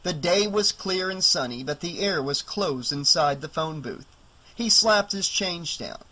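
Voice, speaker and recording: Bright-voiced man narrating an audiobook. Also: on the high side, lively intonation, unhurried, low-quality recording. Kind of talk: scripted narration.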